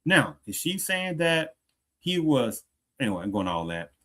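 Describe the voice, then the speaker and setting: Bright-voiced man ranting in commentary. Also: mid-range voice, sing-song, a little slow. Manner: repeats rhetorical questions, restarts sentences often. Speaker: commentary channel host. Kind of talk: rambling reaction commentary.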